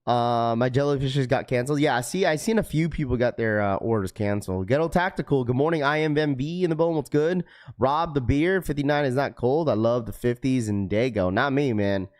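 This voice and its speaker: A man's voice: medium pitch, normal speed, darkish tone. A man hosting a casual livestream, greeting viewers by name. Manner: laid-back, many fillers, greets viewers by name. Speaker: livestream host.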